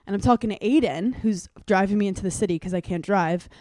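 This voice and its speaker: A woman's voice: mid-range voice, quick pace, dry recording. Young woman, podcast co-host, casual storytelling, dry close mic. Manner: animated storyteller, acts out voices.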